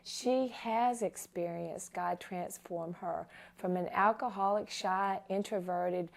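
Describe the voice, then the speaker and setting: A woman's voice: medium pitch, steady tone, takes it slowly, vocal fry. Tearful woman hosting a faith talk show. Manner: emotional, tearful while honoring her guest.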